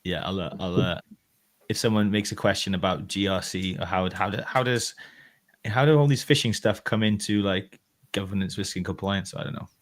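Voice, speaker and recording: A man hosting a live podcast in a relaxed, joking way. His voice sits a little low, and he breaks into laughs and quick asides as he chats with his co-hosts. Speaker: podcast host. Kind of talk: casual live podcast chat.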